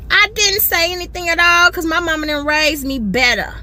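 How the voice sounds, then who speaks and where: Animated storytelling woman in a parked car. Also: high-pitched, normal speed, few pauses, noisy background. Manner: animated, acts out voices. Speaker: social media storyteller. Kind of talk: storytime video.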